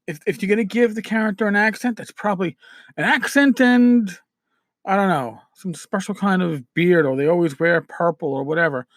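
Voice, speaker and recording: A man's voice: sits high, no echo, studio quality. A man from New City, giving casual podcast advice in a chatty, repetitive way, swinging between emphatic and dropped-down asides. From New York City. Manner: chatty, repeats himself, restarts phrases. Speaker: podcast host.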